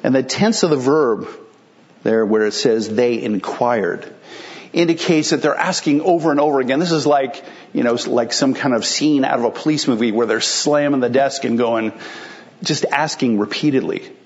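A man's voice: mid-range voice, normal speed, muffled recording. Man preaching a conversational sermon. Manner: conversational, explanatory preaching with rhetorical questions. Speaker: pastor.

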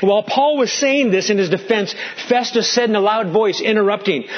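Animated male pastor preaching a sermon. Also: high-pitched, fairly quick, few pauses, muffled recording. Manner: animated, swings from loud to hushed; asks the congregation questions.

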